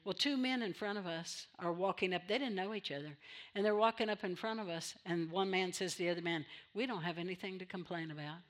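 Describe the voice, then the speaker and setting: A woman's voice: on the low side, fast. A woman pastor preaching a sermon in church, repeating phrases for emphasis and drawing amens from the congregation.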